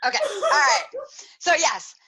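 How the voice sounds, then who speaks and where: A woman hosting a podcast, telling a personal story in a candid, animated way, laughing often and swearing freely. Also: extremely high pitch, a little slow, creaky, crowd noise, poor audio. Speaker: podcast host.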